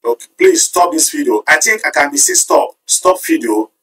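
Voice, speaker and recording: A man hosting a live stream, reading viewer comments aloud and tallying their votes in an animated way. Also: a little high, normal speed, recorded from a distance, rough recording. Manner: animated, switching between Yoruba and English, counting votes aloud. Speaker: livestream host.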